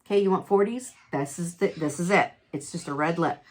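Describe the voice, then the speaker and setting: A middle-aged beauty vlogger with a lowish voice talks through a makeup tutorial. Candid and quick to exclaim, she shares a personal story while she works.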